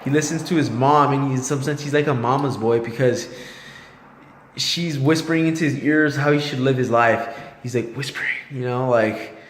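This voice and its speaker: A man's voice: mid-range voice, moderate pace, a little hiss or hum. Man talking in an echoey room. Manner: rambling, thinks aloud, loosely structured. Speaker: vlogger reviewing a book. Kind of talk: casual book talk to camera. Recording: echoey room with long reverb.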